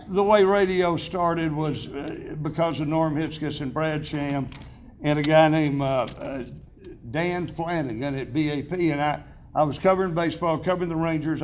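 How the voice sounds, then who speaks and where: A man in his seventies, voice slightly high, gives an award acceptance speech at a podium microphone in a banquet hall, with a bit of hiss or hum present. He rambles through self-deprecating anecdotes, chuckling and restarting as he goes.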